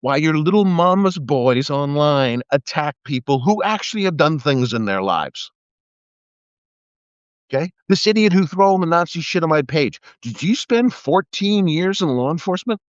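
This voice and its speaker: Hosting a live video, a middle-aged man who once served as a police officer rants animatedly about politics at a moderate pace, his voice on the high side. He swears, leans into sarcasm, and mocks with put-on voices, and the phone or webcam sound is dull and dry with no room sound.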